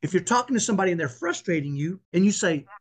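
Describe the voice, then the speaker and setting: Podcast guest: earnest, preacherly man with a high, husky voice. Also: expressive, rapid-fire. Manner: earnest, emphatic, preacherly, repeats himself. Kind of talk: conversational faith interview.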